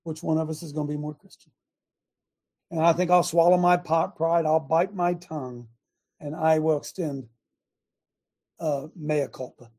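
An older man who hosts a Christian talk show, delivering an impassioned preaching rant that swings between loud emphasis and quiet asides. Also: fairly high pitch, fairly even intonation, normal speed, pauses often. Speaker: show host, former football coach.

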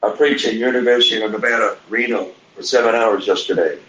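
A man's voice: on the low side, quick pace, a bit bright, roomy sound, lo-fi sound. A man calling in as a street preacher, talking insistently and emphatically. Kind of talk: phone-in call.

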